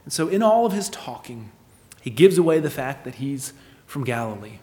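A man preaching a sermon, asking rhetorical questions and moving between emphatic lines and hushed ones. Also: medium pitch, very animated, moderate pace, big-room sound. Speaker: pastor.

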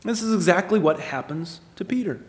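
A man preaching a sermon, asking rhetorical questions and moving between emphatic lines and hushed ones. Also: high voice, expressive, fairly quick, big-room sound. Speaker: pastor.

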